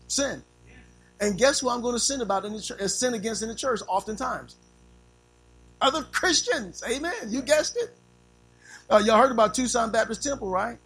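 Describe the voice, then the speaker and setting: High-voiced preacher, animated. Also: male voice, low-quality recording. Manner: animated, call-and-response preaching, acts out little scenes. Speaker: pastor. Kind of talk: sermon.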